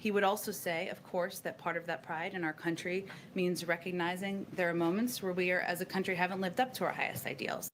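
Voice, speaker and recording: A woman gives a formal press briefing as a government spokesperson, in a lower voice and at a brisk clip. Her phrasing stays measured and official, with faint noise in the background. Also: fairly even intonation.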